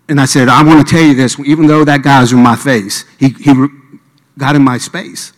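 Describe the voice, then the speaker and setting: A preacher from Miami tells a sermon story, voicing every person in the scene. His mid-pitched voice is steady and at normal speed, with a long reverb from a large hall.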